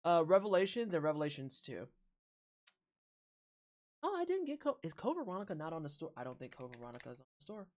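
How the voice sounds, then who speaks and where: A woman streamer reacting to game trailers live, rambling and swearing with animated asides to chat. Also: low-pitched, very fast, few pauses.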